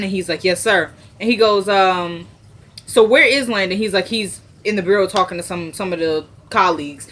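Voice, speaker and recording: A woman's voice: medium pitch, a bit bright. A woman recapping a TV drama episode, acting out the characters' lines. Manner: retells scenes, acting out quoted lines.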